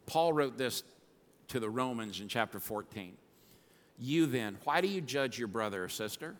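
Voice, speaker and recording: A man preaching a sermon as pastor, fired up and swinging between quiet asides and shouting. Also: mid-range voice, animated, normal speed. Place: church sanctuary. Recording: long hall reverb.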